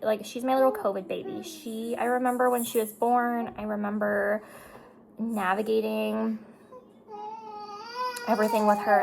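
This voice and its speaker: Here a beauty vlogger and mom in her thirties talks easily to her audience while applying makeup, her medium-pitched voice carrying some vocal fry. She's chatty and emotional, tearing up now and then, and the recording sounds poor.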